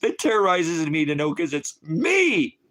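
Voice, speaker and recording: A man's voice: fairly high pitch, sing-song, a little slow, a bit bright. Tearful, impassioned man pleading in prayer. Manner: impassioned and pleading, with repeated questions. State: tearful, emotionally distraught. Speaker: ministry preacher. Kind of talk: emotional spoken prayer to a congregation.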